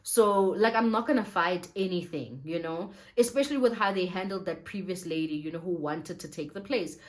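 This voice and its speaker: A woman's voice: fairly low pitch, brisk. A young woman telling a personal faith testimony to her viewers in a casual, emotional vlog style, often laughing as she talks. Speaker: vlogger.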